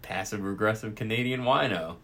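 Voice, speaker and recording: A man's voice: fairly low pitch, brisk, a bit bright. An American man co-hosting a podcast in casual chat, swearing constantly and rambling through stories with laughs. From United States. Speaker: podcast co-host.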